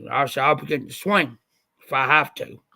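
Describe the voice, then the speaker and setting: Bright-voiced man telling a rambling story. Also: mid-range voice, fairly quick, creaky, dry recording. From Ohio. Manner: rambling, repeats "I said" often. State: slightly stuffed up after the flu. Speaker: livestream host. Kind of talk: casual storytelling on a livestream.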